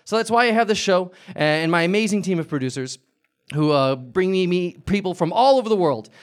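High-voiced, rambling talk-show host man. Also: animated. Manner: rambling, halting, with eager bursts. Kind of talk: comedic live talk-show hosting. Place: live stage before an audience.

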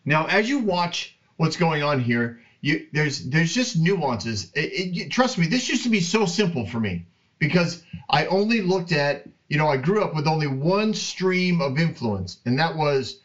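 A man hosting a Bible podcast, talking slowly in a casual, rambling way, with many restarts. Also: on the high side, very animated, a bit bright, highs cut off. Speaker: podcast host. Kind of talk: casual Bible teaching monologue.

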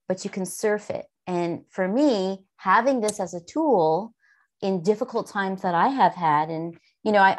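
A middle-aged woman explaining mindfulness for children, calm and gently instructive, sometimes speaking soothingly as if to a child. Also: lowish voice. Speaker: guest expert on mindfulness. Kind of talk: conversational explanation.

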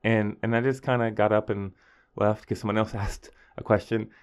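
A man, a high school teacher telling a story in a casual podcast monologue, acting out his students in a higher voice. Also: level tone, normal speed, smooth.

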